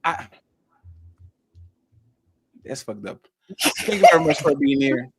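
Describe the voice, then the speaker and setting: A man's voice: medium pitch, big pitch swings, slow, gravelly. A man hosting a live-streamed talk show, chatting loosely, stumbling over restarts and thanking viewers by name. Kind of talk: casual live-stream chat.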